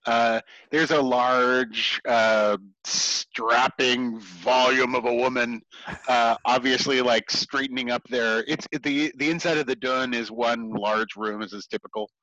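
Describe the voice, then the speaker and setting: A man running a tabletop game as game master, narrating in a halting way with many ums and restarts. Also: mid-range voice, steady tone, sharp tone, no room sound, highs cut off.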